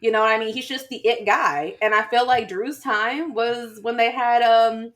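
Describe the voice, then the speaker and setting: A woman's voice: on the high side, steady tone, moderate pace, fairly bright tone. A woman co-hosting a casual chat, talking loosely with many fillers and frequent laughter. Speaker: podcast co-host. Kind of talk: casual chat about wrestling.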